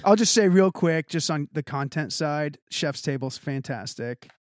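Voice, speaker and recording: A man's voice: fairly high pitch, expressive, unhurried, no room sound, clean studio sound. A man co-hosting a podcast, chatting casually and telling stories that wander, with lots of filler words. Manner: rambling, filler-heavy storytelling with lots of "like". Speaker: podcast co-host. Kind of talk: casual chat.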